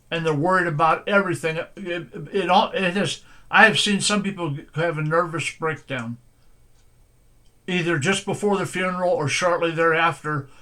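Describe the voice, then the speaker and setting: Earnest folksy pastor, high bright voice. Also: male voice. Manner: earnest and folksy, repeating points for emphasis. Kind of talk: direct-to-camera sermon-style advice.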